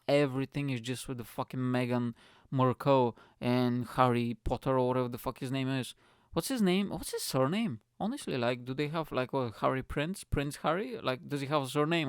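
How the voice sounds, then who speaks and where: A man hosting his own podcast in a loud, energetic comedic rant, swearing freely and rambling from thought to thought. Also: mid-range voice, clear, resonant tone, no room sound, clean studio sound. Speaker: podcast host. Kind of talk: ranting comedic monologue.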